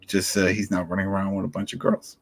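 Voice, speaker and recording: A man's voice: low voice, monotone, fast talker, breathy edge. A man co-hosting a casual podcast discussion, animatedly recapping scenes and acting out the characters' lines. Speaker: podcast co-host.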